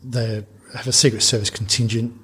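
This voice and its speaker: Guy telling a business story on a podcast, husky voice, keeps restarting sentences. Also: medium pitch, brisk. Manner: animated anecdote telling with frequent restarts and laughs. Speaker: business founder guest.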